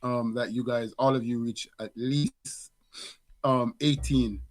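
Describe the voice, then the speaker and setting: A middle-aged man, a father, co-hosts a podcast in a medium-pitched, steady voice at a slow pace. His casual conversation is reflective, with many restarts and fillers.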